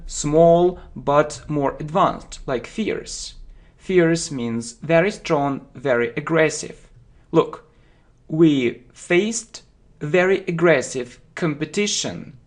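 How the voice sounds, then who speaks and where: Guy teaching words real slow, keeps saying yeah? and okay, repeats stuff. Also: on the high side, animated. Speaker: English teacher. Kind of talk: slow deliberate vocabulary lesson.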